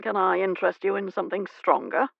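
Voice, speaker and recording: A woman's voice: medium pitch, steady tone, a little fast, vocal fry, no echo, lo-fi sound. A woman narrator voicing a nervous, fussing older man acting as a doting father. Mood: fatherly.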